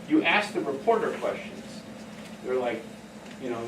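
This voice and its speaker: A middle-aged man giving a casual talk on behavioral care, telling stories in an animated way and laughing often. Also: fairly high pitch, normal speed, slight background noise. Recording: echoey room from far off.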